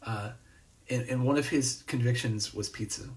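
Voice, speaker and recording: A man hosts a live stream and reads out comments as he goes, in an easygoing, meandering way full of "um" and false starts. His voice sits at an ordinary middle pitch. He is a little way off from the mic, so the sound sits back in the room. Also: normal speed, distant mic. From New Jersey. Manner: rambling, laid-back, many fillers and restarts. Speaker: host. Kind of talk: casual livestream chat reading comments. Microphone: phone or webcam on a live stream.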